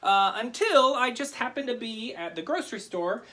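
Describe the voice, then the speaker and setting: A man's voice: very high-pitched, expressive, normal speed, pushed and bright. A man giving a comic magic lecture to camera, teaching a trick while joking, rambling and interrupting himself. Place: home video recording.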